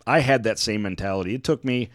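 Low-voiced man telling a story, dry sound. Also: fast, fairly bright tone, dry recording. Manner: profane, storytelling. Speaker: podcast co-host. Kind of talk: casual chat.

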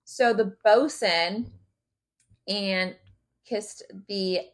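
A woman's voice: mid-range voice, very slow. A woman co-hosting a casual podcast, telling gossipy stories about reality shows and swearing freely. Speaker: podcast co-host. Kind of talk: casual chat.

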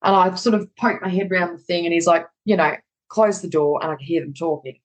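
A woman's voice: on the low side, a little fast, low-quality recording. A middle-aged woman telling a personal story in conversation, candid and casually swearing, acting out the dialogue.

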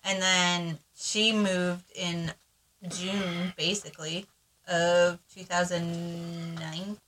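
A woman's voice: lowish voice, level tone, slow, a bit bright. A woman co-hosting a casual mom podcast, blunt and joking, swearing freely. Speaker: podcast co-host. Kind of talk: casual chat.

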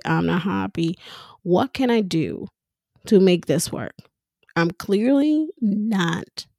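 A woman speaking in a casual monologue as a mother, frank and animated, swearing freely and laughing often. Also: fairly low pitch, creaky, no echo, clean studio sound. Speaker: mother talking about parenting.

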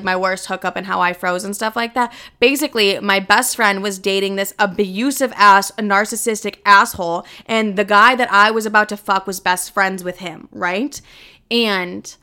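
A woman hosts her own podcast in a bright, clear voice, speaking frankly and with plenty of swearing. She jumps between casual chatter and acting out her own side of conversations. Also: medium pitch. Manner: candid, profane, animated, acts out her own quoted lines. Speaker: podcast host.

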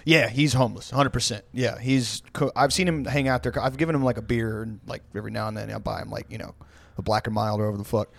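A man's voice: lowish voice, fairly even intonation, fast talker, gravelly, few pauses, no echo. Rambling, profane male storyteller. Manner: rambling, profane, many fillers. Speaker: podcast co-host. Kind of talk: casual storytelling.

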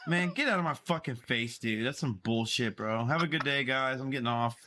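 A man streaming live, swearing a lot and yelling, with big swings between shouting and low grumbling. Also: normal speed. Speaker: livestreamer.

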